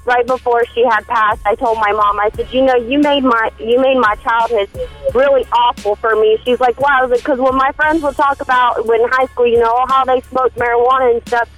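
A woman's voice: fairly high pitch, fairly even intonation, brisk, a bit bright, soft background music, low-quality recording. A woman in her twenties calling in and telling a story at length in an earnest, rambling way. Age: 20s. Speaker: caller. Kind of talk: phoned-in storytelling.

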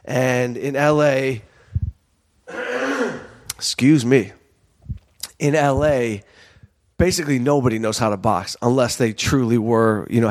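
A man hosting a podcast, telling a rambling, self-mocking story in casual talk and acting out what people said. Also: medium pitch. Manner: rambling, animated, self-mocking, acts out quotes.

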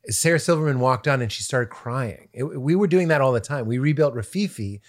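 A middle-aged male comedian telling an animated story in a podcast conversation, jumping into high-pitched impressions. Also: fairly quick. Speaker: comedian guest.

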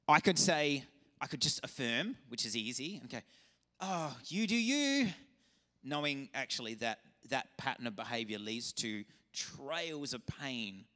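A man, a pastor, preaching a lively, conversational sermon. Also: medium pitch. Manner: animated, conversational preaching with acted-out dialogue. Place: church auditorium.

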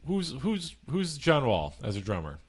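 A man's voice: mid-range voice, huge pitch swings, normal speed, breathy edge. A man co-hosting a casual sports chat, making dry teasing quips. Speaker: podcast co-host.

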